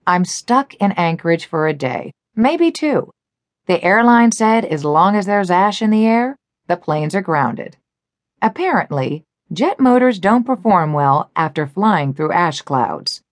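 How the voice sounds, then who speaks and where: A woman's voice: fairly low pitch, very animated, a little slow, no room sound, studio quality. A woman voicing a wry, exasperated businessman. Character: harried male businessman, wry and dry-humored.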